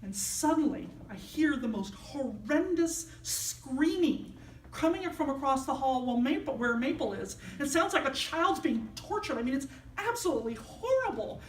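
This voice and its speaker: Preaching in a church sanctuary, a woman minister tells a personal story and performs the voices of its characters in a high-pitched, expressive voice at a moderate pace. A distant mic picks her up in the echoey hall, along with a little hiss or hum.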